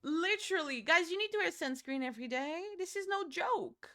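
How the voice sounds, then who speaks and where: A woman's voice: extremely high pitch, expressive, normal speed, bright, forceful tone. A young woman from Portugal with a Portuguese accent, chatting casually and swearing freely while she does her makeup on stream. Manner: chatty, swearing, rambling with playful outbursts.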